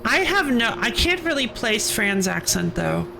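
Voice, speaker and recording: A woman's voice: on the high side, sing-song, measured pace, vocal fry, over music. A woman streamer giving casual let's-play commentary, musing and thinking aloud with curiosity. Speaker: game streamer.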